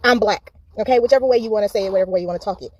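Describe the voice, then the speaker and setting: A woman's voice: medium pitch, racing, a little mellow. A woman from the United States giving exasperated social media commentary with sarcastic asides.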